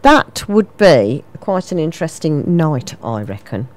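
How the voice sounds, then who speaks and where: A woman in her fifties from England, presenting a local radio show with lively, self-mocking, rambling chat into a studio microphone. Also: sits low, measured pace. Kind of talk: chatty local radio banter.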